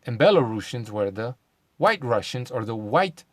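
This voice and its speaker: Male host, casual monologue, mid-pitched voice, sarcastic and questioning, mutters curses, dry close sound. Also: very animated, moderate pace, no room sound. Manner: sarcastic, full of rhetorical questions; swears, mutters asides. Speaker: video host.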